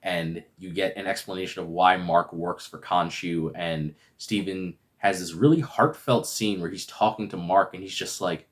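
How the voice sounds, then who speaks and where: Retelling a TV episode in a loose, filler-heavy way, this male video reviewer rambles casually. He has a deep, fairly bright voice, a moderate pace, and hardly any pauses.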